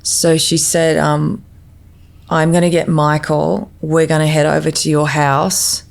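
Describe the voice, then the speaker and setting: A woman podcast guest telling her personal story in a halting way, often restarting her sentences. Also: low voice, level tone, gravelly.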